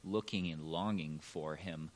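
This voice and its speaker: A man's voice: rumbling low, a little slow. A man sharing his thoughts in a group Bible discussion, stumbling and repeating words as he gets going. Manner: hesitant, repeats words as he starts sentences. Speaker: study group participant. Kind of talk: casual discussion.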